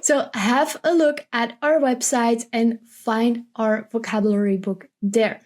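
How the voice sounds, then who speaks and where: A woman teaching vocabulary, repeating each word slowly and carefully for learners. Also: on the high side, a little mellow. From Belgium. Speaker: Dutch language teacher. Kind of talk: vocabulary lesson, slow and careful.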